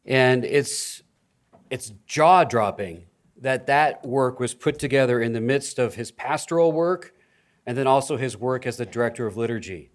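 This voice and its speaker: A man introduces a conference speaker in an earnest, formal way. His pitch sits in the middle, and he stumbles and restarts now and then. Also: moderate pace. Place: conference hall.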